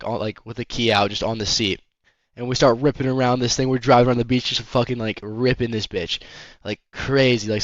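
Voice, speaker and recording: In a dry, lo-fi recording, a young vlogger with a mid-range voice tells a rambling storytime tale in casual chat. His talk is loaded with "like" and heavy swearing.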